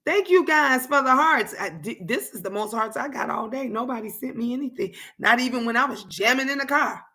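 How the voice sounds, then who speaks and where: A middle-aged woman hosting a tarot live stream, chatting casually and answering viewers' comments in a lively way. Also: sits high, a little fast, few pauses.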